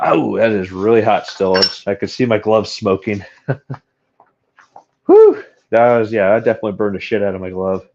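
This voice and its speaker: Frustrated man streaming a metal pour. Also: on the low side. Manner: frustrated, self-deprecating, talks to chat. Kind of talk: live-stream chat while casting metal. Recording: dull lo-fi sound.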